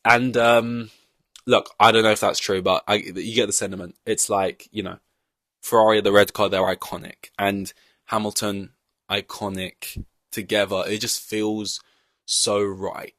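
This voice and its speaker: A young man talks on his podcast in a low, easy voice, wandering through long-winded comparisons and joking at his own expense. The sound is dry and close, with no room around it. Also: level tone, unhurried, a bit bright, dry recording. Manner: rambling, long-winded, self-mocking. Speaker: podcast host. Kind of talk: casual chat.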